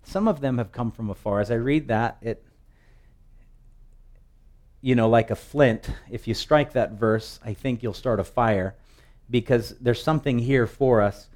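Male pastor, sermon, emphatic swells, slow scripture reading, mid-pitched voice. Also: darkish tone.

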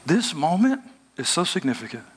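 A man preaching a lively, joking sermon in casual everyday speech and talking back and forth with a live audience. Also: on the high side, moderate pace, slight background noise. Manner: animated, joking, colloquial, talks with the audience. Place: hotel event room before a live audience.

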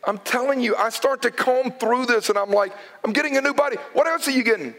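A man's voice: very high voice, fast talker, fairly bright tone. A middle-aged man preaching a sermon in a fervent, conversational way with emphatic outbursts. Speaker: pastor.

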